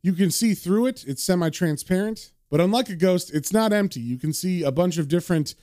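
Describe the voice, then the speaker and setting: A man's voice: high voice, expressive, brisk, dark tone, no echo, clean studio sound. A man casually narrating and recapping a comic book story, with a chatty manner full of fillers.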